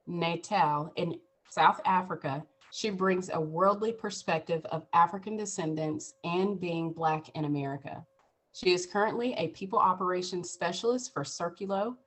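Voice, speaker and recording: Low-voiced woman podcast host. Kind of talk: casual interview.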